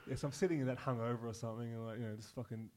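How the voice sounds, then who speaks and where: A man's voice: mid-range voice, steady tone, racing, a crowd in the background. Swearing man telling stories. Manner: swears often, laughs through stories. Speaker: guest. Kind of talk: casual podcast chat.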